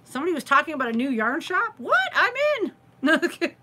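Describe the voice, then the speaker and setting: Chatty crochet host, woman, giggly and teasing, bright tone, live from home late at night. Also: high voice, lively intonation, quick pace.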